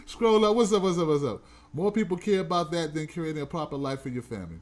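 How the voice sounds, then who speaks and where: A man's voice: fairly high pitch, expressive, moderate pace. A male talk show host giving emphatic, preachy commentary and speaking straight to his audience. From United States. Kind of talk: opinionated commentary.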